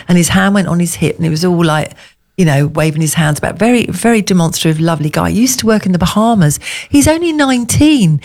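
A woman's voice: lowish voice, a little mellow. A middle-aged woman from England telling long, gushing stories as a radio co-host in casual chat. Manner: chatty, gushing storyteller.

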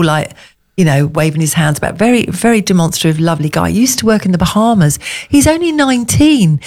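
A woman co-hosting a casual chat, telling rambling, animated anecdotes. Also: on the low side. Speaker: co-host.

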